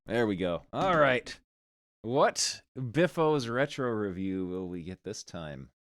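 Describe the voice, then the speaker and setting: Male game streamer, relaxed pace, lively pitch, amused chat, music behind. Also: slow, dry recording. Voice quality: amused, chatty, thanks gifted subs. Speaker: livestreamer playing a game. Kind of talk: casual game commentary.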